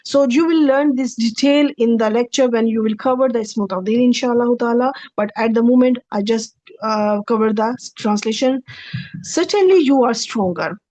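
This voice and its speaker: A woman's voice: on the high side, normal speed, mellow, no room sound, low-quality recording. Patient woman teaching a grammar lesson. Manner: patient, repeats each translation several ways. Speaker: Quranic Arabic teacher. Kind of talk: recorded grammar lecture.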